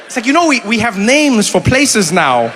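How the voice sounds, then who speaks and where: A man in his forties from South Africa doing stand-up and crowd work, animated and acting out little voices as he talks, laughing along with the room. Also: high voice, moderate pace, long reverb tail, background noise. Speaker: comedian. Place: comedy venue with a live audience.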